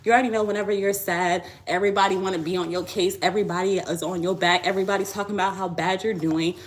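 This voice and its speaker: A woman's voice: mid-range voice, fairly even intonation, fast talker, slight background noise. A woman tarot reader talking on a live stream, blunt, profane and preachy. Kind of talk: live tarot reading chat.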